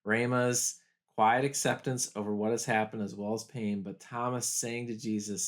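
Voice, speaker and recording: A pastor talking through a TV episode in a video study guide, earnest and reflective, slowing down to weigh key moments. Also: male voice, fairly low pitch, steady tone. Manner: earnest, reflective, slows down for quoted lines.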